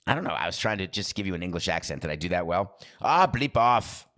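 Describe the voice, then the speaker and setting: A podcast host delivers a casual, rambling monologue that wanders off on tangents and keeps cutting itself off. His voice sits low and has a slightly bright edge, and he talks at a racing clip.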